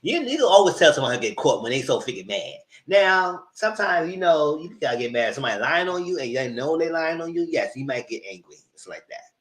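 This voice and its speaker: A man giving a live recap of a reality show, retelling scenes in an animated way and acting out what the cast said. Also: on the high side, quick pace. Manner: animated retelling, acts out cast members' lines. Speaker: show reviewer.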